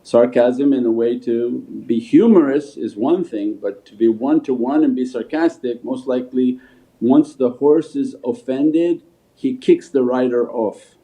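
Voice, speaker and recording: A man's voice: mid-range voice, unhurried, warm tone. A Sufi shaykh giving a spiritual talk and answering questions, telling stories as he teaches. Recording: phone-like livestream audio.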